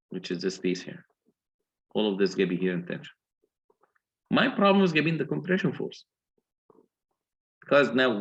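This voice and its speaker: A man's voice: mid-range voice, highs cut off. A man with an Egyptian accent giving a university engineering lecture, explaining step by step and often checking that students follow.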